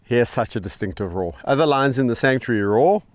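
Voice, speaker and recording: A middle-aged man who hosts a wildlife channel, giving casual on-the-spot commentary outdoors at a sanctuary. He is chatty and relaxed, talks to the animals and chuckles often. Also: medium pitch, a little fast, no echo.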